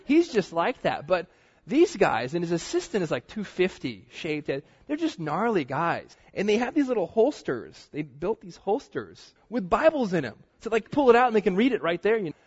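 Animated young male preacher, husky voice. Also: high voice, normal speed. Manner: animated storytelling, acts out quotes. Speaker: pastor teaching a Bible study. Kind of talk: casual sermon. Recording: dull sound with long reverb.

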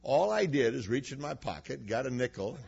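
A man's voice: medium pitch, very animated, moderate pace, creaky, darkish tone, husky. A male preacher giving a sermon to a congregation, telling personal stories in a folksy, humorous way. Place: church before a congregation. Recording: dull lo-fi recording.

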